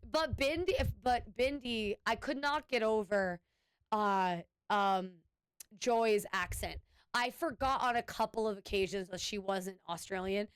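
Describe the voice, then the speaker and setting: Chatty woman streamer, smooth dry voice. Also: a little high, no room sound. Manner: rambling, with frequent restarts and "anyway"; chatty, thanking subscribers. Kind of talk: casual chat with stream viewers.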